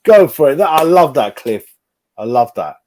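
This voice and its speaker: A man, hosting a live football reaction stream from home. His talk swings widely in pitch and loudness as he answers his viewers. He swears constantly and calls everyone mate. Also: normal speed, a little hiss or hum. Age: 40s. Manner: sweary, animated, talking to chat. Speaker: fan channel host.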